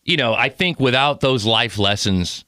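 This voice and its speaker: A man's voice: mid-range voice, lively intonation, normal speed, bright, forceful tone, no echo, clean studio sound. A man in his forties hosting a podcast, talking candidly and earnestly, swearing casually. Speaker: podcast host. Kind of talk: casual interview chat.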